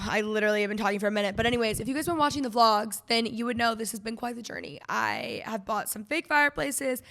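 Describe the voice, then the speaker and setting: A young woman with a lilt chats on her own podcast at home. Her voice sits a bit high and sounds bright, and she rambles freely, filling her talk with "like" and "you know". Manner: chatty and rambling, heavy with "like". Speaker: podcast host. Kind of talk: casual solo podcast chat. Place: her living room at home.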